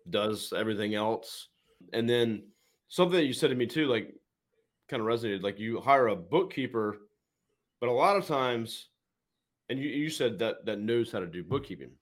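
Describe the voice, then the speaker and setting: Brief: male host, lower voice, relaxed conversational interviewer. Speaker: podcast host. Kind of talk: casual interview chat.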